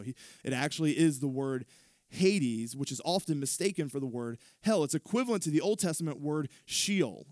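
A male pastor preaching a sermon, retelling scripture with animated storytelling and frequent restarts. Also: medium pitch, no room sound, studio quality.

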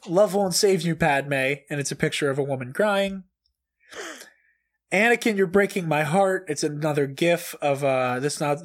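High-voiced man, profane comedic reading. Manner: profane, over-the-top and laughing often. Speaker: comedic reader. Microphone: desk mic, pushed back and turned down.

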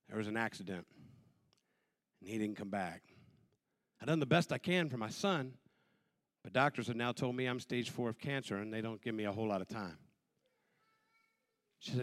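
A medium-pitched man in his forties shares a personal testimony with animated storytelling, acting out the voices of the people in his story.

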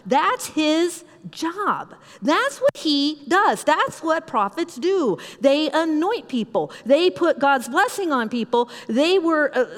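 Woman pastor, high voice, earnest conversational preaching, long church reverb. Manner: earnest, conversational preaching with slow emphatic repetitions. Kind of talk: sermon. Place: church sanctuary.

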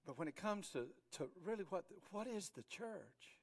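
A middle-aged male pastor with a fairly high voice delivers a lively sermon. He throws himself into quoted voices, stumbling over restarts and repeating words as he goes. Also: normal speed. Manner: animated, acts out quoted voices with many restarts.

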